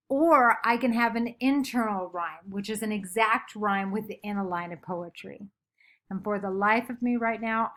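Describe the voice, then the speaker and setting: A woman teacher talks her class through a lesson in a loose, chatty way. She pokes fun at herself and keeps checking in with the students. Her voice sits at an ordinary middle pitch. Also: fairly bright tone. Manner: chatty, self-deprecating, asks "okay?" often. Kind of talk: recorded classroom lecture.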